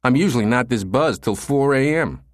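A man lightly acts out a crude, cocky young punk, pitching his mid-range voice above his natural one. He swears and mocks in a raised, brash voice with lively intonation at normal speed. The studio-quality recording has no echo.

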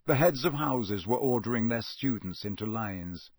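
A man reading a storybook aloud in measured scripted narration. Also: medium pitch, expressive, no echo. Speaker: audiobook narrator.

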